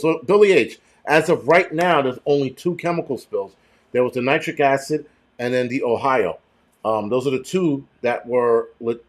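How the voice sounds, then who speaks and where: Guy rambling on his stream, swears constantly, gets worked up. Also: mid-range voice. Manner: profane, rambling, animated. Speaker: host. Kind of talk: casual livestream chat.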